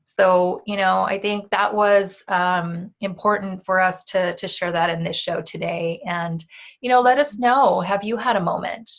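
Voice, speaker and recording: A woman in her forties co-hosts a relaxed talk show, speaking with open emotion. She talks in a loose, heartfelt way, full of fillers and asides that check in with her listeners. Her voice sits in the middle of the pitch range. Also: a little slow, highs cut off. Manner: heartfelt and emotional, with many fillers and tag questions. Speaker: co-host. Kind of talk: casual chat.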